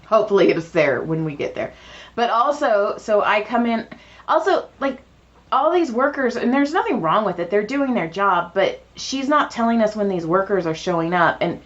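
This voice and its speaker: Animated woman telling stories, lo-fi. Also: medium pitch, normal speed. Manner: animated, acts out quoted dialogue. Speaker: podcast co-host. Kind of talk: casual storytelling chat. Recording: dull lo-fi podcast audio.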